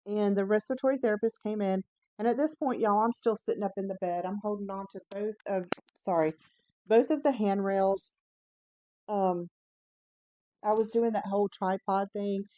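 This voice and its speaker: A woman's voice: medium pitch, steady tone, normal speed, dark tone, no echo. Lady telling her story on her vlog, chatty and candid, lots of ums, dry room. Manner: chatty, candid, with frequent "um" and self-corrections. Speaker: vlogger. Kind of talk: casual personal storytelling.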